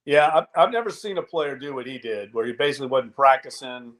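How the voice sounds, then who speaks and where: Man breaking down football, measured. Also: mid-range voice, lively intonation, a bit bright. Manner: measured, analytical, frequent restarts. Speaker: podcast co-host. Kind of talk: casual sports talk.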